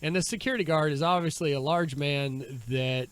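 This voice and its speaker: A young adult man co-hosting a podcast, with a slightly high voice for a man. He rambles through stories, swears freely and laughs often. He keeps a loose, casual chat going. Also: brisk, smooth, no echo. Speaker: podcast co-host.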